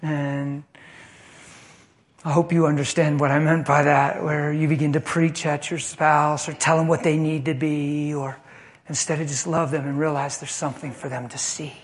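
An impassioned man preaching a sermon, his voice high for a man. He swings between hushed moments and fired-up, loud stretches. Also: moderate pace. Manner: impassioned, animated preaching, rising and falling.

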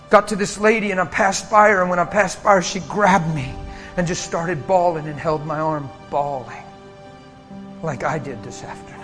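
A male preacher telling a healing story in a sermon, dropping to whispers and rising to loud bursts. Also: on the high side. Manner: swings from hushed whispers to loud exclamations. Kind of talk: sermon testimony. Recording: music playing underneath.

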